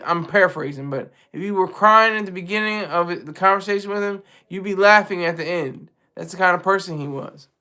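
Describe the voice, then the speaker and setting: Male streamer host, high and bright, animated casual commentary with lots of restarts. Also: a little fast, few pauses. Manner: animated, repeats and restarts phrases.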